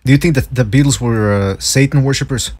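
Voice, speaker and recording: A man's voice: medium pitch, brisk, a little mellow. A man hosting a casual boxing podcast, swearing freely and laughing often. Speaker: podcast host.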